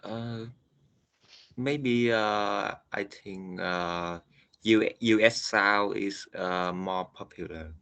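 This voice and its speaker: A man's voice: on the low side, very slow, bright, forceful tone, clear, resonant tone. A man learning English in an online lesson, hesitant and searching for his words. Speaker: English student.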